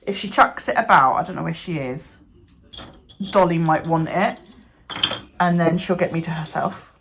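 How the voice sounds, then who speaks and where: A woman with a deep voice rambles casually into the phone she's holding, vlogging at a normal pace over background noise. She swears now and then and often sinks to a near whisper in this casual chat.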